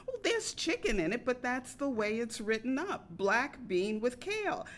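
A woman's voice: mid-range voice, measured pace, a little hiss or hum, close to an everyday voice. A woman doing a curt, sullen waitress. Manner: curt, flat.

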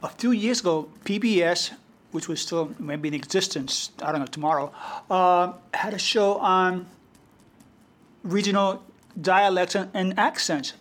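A man from the Bronx with a New York accent, a guest poet telling stories in an unhurried, reflective way during an interview. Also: high voice, a bit bright. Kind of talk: conversational interview storytelling.

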